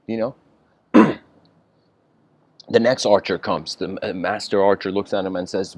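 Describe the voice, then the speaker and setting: Low-voiced man rambling through a story. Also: a little slow, pauses often. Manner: rambling storytelling with fillers, frequent throat clearing. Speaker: lecturer. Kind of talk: informal spoken lecture telling a story.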